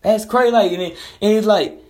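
A man's voice: sits high, fairly quick, darkish tone. Blunt, profane man ranting. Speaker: commentator. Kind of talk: casual monologue rant.

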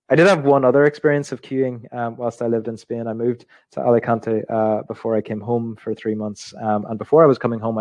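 A man's voice: mid-range voice, darkish tone, no room sound. A young adult man leading an intercultural communication session, talking thoughtfully with frequent ums and restating his points. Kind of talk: reflective teaching talk to an online group.

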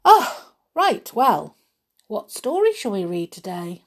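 A woman reading a children's story aloud, chatty and lively, asking her listeners questions. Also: medium pitch, slow.

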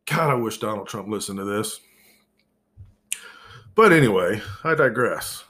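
On his own podcast, a man with a lowish, expressive voice takes his time as he rails against the news. He's over-caffeinated, swearing, sarcastic and exasperated, bursting out loudly now and then.

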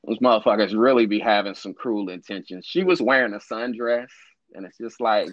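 Casual male co-host, low voice, swears, acts out quotes; dry, slightly dull podcast sound. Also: fairly quick, no echo. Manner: profane, animated storyteller acting out quotes. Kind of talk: casual storytelling chat.

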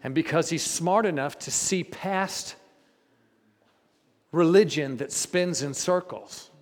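A man preaching a sermon, animated and joking with the congregation, in a large church. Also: on the high side, takes it slowly. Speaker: pastor. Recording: long reverb in a large church.

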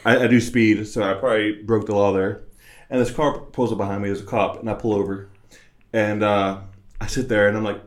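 A young man telling a story in casual conversation, animated and laughing, acting out the other people in it. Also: lowish voice, fairly quick. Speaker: guest telling a personal story.

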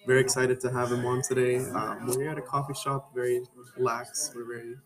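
A male podcast co-host with a mid-pitched, flat voice asks his guest laid-back questions. The chatter of a coffee shop crowd is clear behind him. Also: a little fast. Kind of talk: podcast chat. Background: café crowd.

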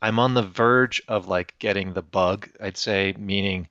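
A man in casual podcast chat, thoughtful and hesitant, pausing with fillers. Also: on the low side, sharp tone, dry recording. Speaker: podcast co-host. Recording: muffled lo-fi audio.

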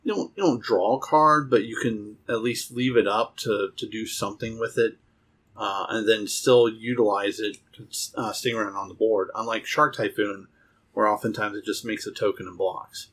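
A man's voice: lowish voice, fairly even intonation, normal speed, a bit bright, slightly rough. A man co-hosting a podcast, talking casually and rambling with plenty of fillers and restarts. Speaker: podcast co-host. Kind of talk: casual chat about card games.

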